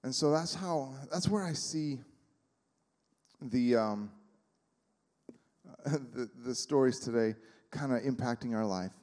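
A male pastor delivering a sermon in a church sanctuary, mid-pitched and conversational, often pausing on fillers. His voice trails off into a long reverb from the hall around him. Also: a little mellow. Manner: conversational, with many fillers and acted-out quotes.

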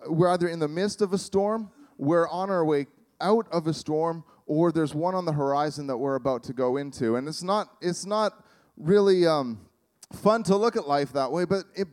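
Halting, fairly high-voiced male preacher. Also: a little mellow. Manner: conversational, halting, sarcastic humor. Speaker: pastor. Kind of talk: sermon.

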